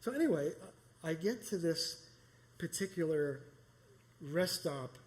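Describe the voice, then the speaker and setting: This middle-aged man from New York shares a personal story live in a small performance space, talking in a rambling, conversational way and restarting often. His voice is a little high and animated, and his pace is slow.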